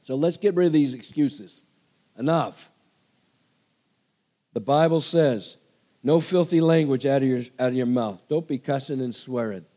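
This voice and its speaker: A man's voice: mid-range voice, unhurried, pauses often, mellow. A male pastor preaching a sermon, emphatic, repeating commands and calling for amens.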